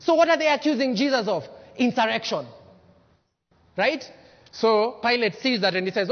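A man preaching a sermon as pastor, acting out quotes and swinging from loud to hushed. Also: extremely high pitch, expressive, a little fast. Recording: dull lo-fi sound with long hall reverb.

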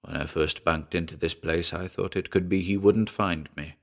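A man voicing a weathered old sea captain, gruff and brooding, in a spoken story. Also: deep voice, steady tone, normal speed.

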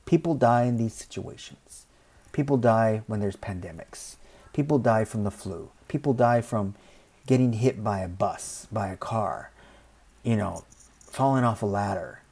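A man speaking his mind in a casual monologue, rambling, saying "you know" often and acting out other people in quick asides. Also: mid-range voice, lively intonation, a little mellow, breathy edge. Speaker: commentator.

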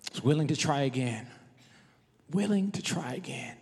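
A man's voice: mid-range voice, lively intonation, fairly quick, big-room sound. A middle-aged male pastor preaching a sermon, telling his own story and urging listeners with rising emphasis. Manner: testimonial preaching, shifting from soft to emphatic.

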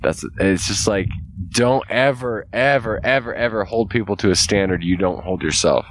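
Man, very low voice, profane, animated, laughs often, casual podcast co-host. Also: fairly quick, a little hiss or hum.

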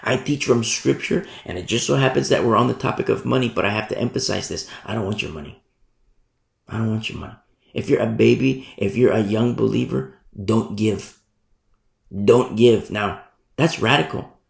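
A man's voice: lowish voice, normal speed, gravelly. A male pastor preaching a sermon, emphatic and repeating his key phrases. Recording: roomy echo.

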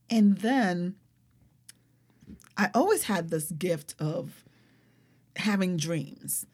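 A young woman tells her story in a relaxed, conversational way, with a voice sitting in the middle of the range. Her delivery is animated and expressive, and "like" comes up again and again. The feel is a casual interview guest sharing something personal. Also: medium pitch, takes it slowly, pauses often, breathy edge. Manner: animated, expressive, frequent fillers like "like".

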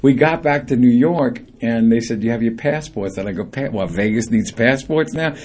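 A middle-aged man, a singer guest on a radio show, telling lively anecdotes and acting out the people in them. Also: medium pitch, normal speed, a little hiss or hum.

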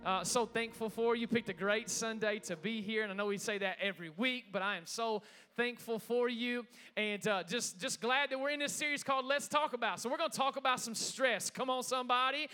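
A man preaching to a church congregation, lively and chatty, often calling on the room to respond. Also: very high-pitched, brisk, clean tone. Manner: energetic, engages congregation with call-outs. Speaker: pastor. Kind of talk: sermon.

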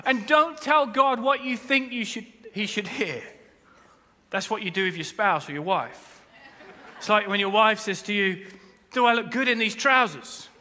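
A man preaching a sermon as pastor, animated, jumping between quiet asides and shouted appeals, with humorous asides. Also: sits high, unhurried. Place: large church hall. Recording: long reverb of a church hall.

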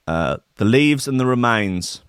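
A man's voice: medium pitch, expressive, measured pace, smooth, no echo, clean studio sound. A man on a live stream, chatting casually and reading news aloud in a sweary, jokey, rambling way.

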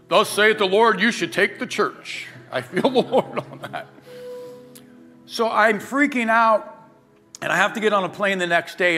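A middle-aged man preaching a sermon as pastor, telling a personal story in a lively way and acting out the people he quotes. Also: fairly high pitch. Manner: animated storyteller, acts out quoted voices. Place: church sanctuary. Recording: faint guitar music behind.

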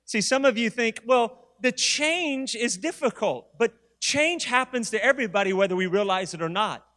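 A man in his forties preaching a sermon with animated storytelling and asides. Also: extremely high pitch, moderate pace. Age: 40s. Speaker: pastor. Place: church sanctuary. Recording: long reverb of a large hall.

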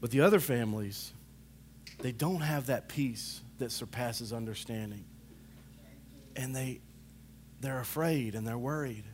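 A man preaching a sermon, animated, rising to loud calls and dropping to hushed asides, often saying "come on" to the congregation. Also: mid-range voice, measured pace, long pauses, a little hiss or hum.

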